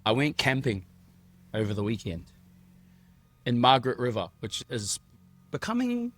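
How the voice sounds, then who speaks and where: Aussie guy on a podcast, jokey and self-deprecating, middle pitch, just chatting. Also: huge pitch swings, normal speed, fairly bright tone. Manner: joking, self-deprecating storytelling. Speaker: podcast co-host. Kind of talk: casual chat.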